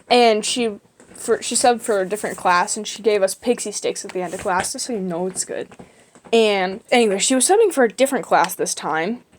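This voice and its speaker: Animated young woman telling school stories. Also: mid-range voice, slight background noise. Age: teens. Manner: animated, acts out people in her stories; quick, rambling with many fillers. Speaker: YouTuber. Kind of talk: casual storytelling.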